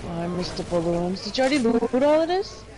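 A woman's voice: medium pitch, very animated, quick pace, a crowd in the background. A young mother chatting casually while gaming, teasing and laughing a lot.

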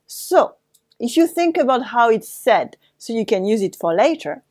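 A woman with a French accent teaching a language lesson, speaking slowly and carefully and repeating words for practice. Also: on the high side, very animated, a little mellow.

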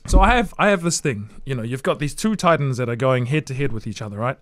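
A man's voice: medium pitch, fast talker, no echo. A man interviewing in a playful, casual way. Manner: animated, playful.

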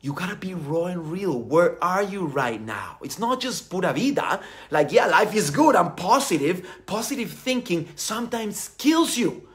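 A middle-aged man giving a motivational talk as a spiritual coach, animated and earnest, full of fillers. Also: sits high, moderate pace. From Costa Rica.

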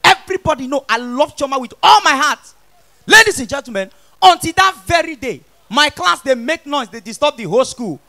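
High-voiced Nigerian stand-up comic. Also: male voice, big pitch swings, brisk. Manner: playful, loud, mixing pidgin with English. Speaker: stand-up comedian. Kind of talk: stand-up comedy set. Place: comedy stage before an audience.

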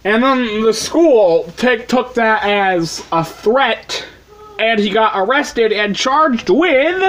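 A man with a notably high voice rants to camera in a loose, sarcastic, heavily profane way. He wanders off track and circles back, and a faint hiss sits under the recording. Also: expressive, slow. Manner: rambling, sarcastic, swears constantly. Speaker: vlogger. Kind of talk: profane ranting commentary.

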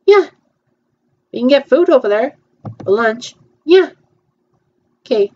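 A woman's voice: high-pitched, lively intonation, slow pace, highs cut off. A woman chatting casually through a virtual theme-park tour, hesitant and playful, with frequent ums.

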